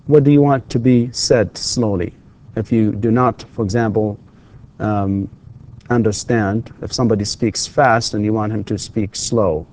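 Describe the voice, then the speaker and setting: A man's voice: fairly low pitch, steady tone, a little slow, a little mellow, a little hiss or hum. A male university English lecturer, giving a recorded lesson and patiently repeating questions for his students. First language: Arabic.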